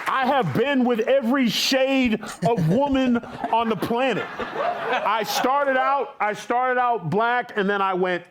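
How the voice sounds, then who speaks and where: A man telling a deadpan comedic bit on a talk show. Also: extremely high pitch, slow, a crowd in the background. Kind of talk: comedic bit before an audience. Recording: tv studio with audience.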